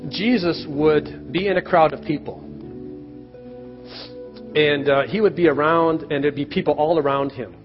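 A middle-aged man preaching a sermon and leading a closing prayer in a church, earnest and plain-spoken, getting louder when he acts out the cries of people in Bible stories. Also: a little high. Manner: earnest, rises loud when acting out quoted cries. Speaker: pastor. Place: church sanctuary. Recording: roomy church reverb, dull lo-fi sound, soft music behind.

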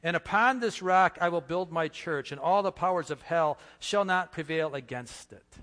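A man preaching a sermon as pastor, earnest, with slow emphatic pauses and repeated phrases. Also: a little high, expressive, a bit bright, long reverb tail.

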